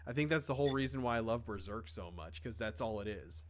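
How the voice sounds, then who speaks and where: A man's voice: fairly low pitch, expressive, fast, slight background noise. Rambling young man in casual chat. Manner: rambling, lots of fillers and restarts, swears casually. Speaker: podcast co-host.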